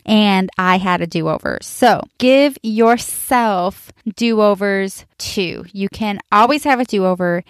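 A woman in her forties shares a story from home, candid and chatty, leaning on fillers and talking straight to her listeners. Her voice sits at a middle pitch, and the recording is dry and close with no room sound. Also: slow pace, few pauses, clear, resonant tone, no echo. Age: 40s. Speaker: podcast host.

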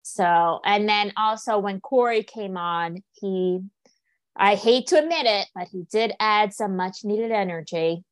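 A chatty woman co-hosting a relaxed podcast, giggling as she talks. Her voice sits at a middling pitch and is recorded close and dry, with no room sound around it. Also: a little slow, no room sound. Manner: chatty, giggly, animated retelling. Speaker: podcast co-host. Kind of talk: casual chat.

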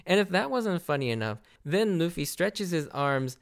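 A man giving a casual, animated recap of an anime arc, laughing often and acting out characters' lines. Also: a little high, moderate pace. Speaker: anime reviewer.

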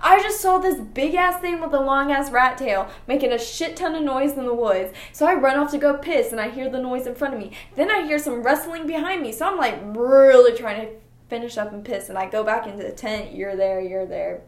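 A young woman co-hosting a casual podcast, telling a story in an animated way and swearing freely. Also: sits high, a little fast. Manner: animated, swears a lot, acts out her own story. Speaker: podcast co-host. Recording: echoey room.

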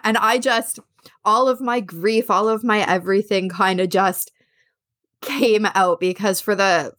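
A woman's voice: mid-range voice, unhurried, no room sound, studio quality. A young adult woman telling a personal story candidly, acting out what people said. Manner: candid, animated, acts out quotes.

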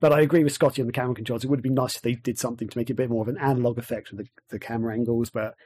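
A man's voice: medium pitch, steady tone, rapid-fire, darkish tone, slightly rough. A man with an English accent hosting a casual gaming podcast, rambling with lots of fillers and restarts. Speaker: podcast host.

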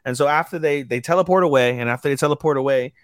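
A podcast co-host with a slightly high voice talks rapid-fire in casual conversation. He rambles and swears while recapping an episode, losing names mid-sentence and hunting for them.

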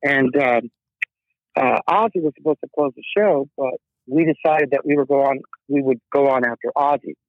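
A man's voice: mid-range voice, normal speed, no echo. A middle-aged man, a rock musician guest, telling stories in a casual interview, acting out quotes and laughing often. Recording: tinny dry phone line.

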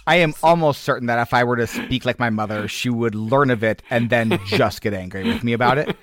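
A man's voice: mid-range voice, brisk, a bit bright. A man in his thirties co-hosting a casual podcast, telling teasing stories in a wry way. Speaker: podcast co-host. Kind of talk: casual chat.

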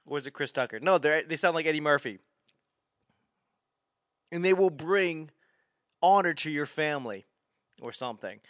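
Male host, casual comedic monologue, rambling and swearing, smooth and crisp, close dry mic. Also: a little high, expressive, moderate pace, long pauses, a bit bright, dry recording. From Chinese heritage.

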